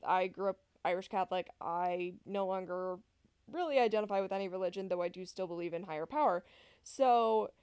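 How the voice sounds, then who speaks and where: A woman's voice: medium pitch, darkish tone, clean tone, no echo, clean studio sound. A woman co-hosting a podcast in casual chat, rambling with lots of fillers and self-corrections. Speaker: podcast co-host.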